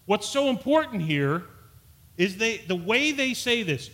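Male pastor, earnest sermon delivery, bright tone with a slightly high pitch. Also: sing-song, a little slow. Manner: earnest, repeats and restarts words, rises for emphasis.

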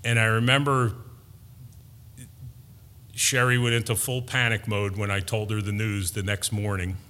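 A middle-aged man delivers a sermon in a bright, forceful voice, his words carrying through a long reverb in a large church hall. He speaks slowly and deliberately, rising to emphatic peaks. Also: lowish voice, level tone. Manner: slow, deliberate preaching with emphatic builds. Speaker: preacher.

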